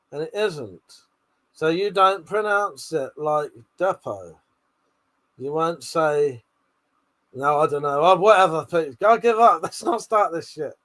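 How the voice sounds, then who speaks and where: A man's voice: high-pitched, a bit bright. A man on a live stream, reading chat comments aloud in a brash, sweary, jokey way with frequent laughter.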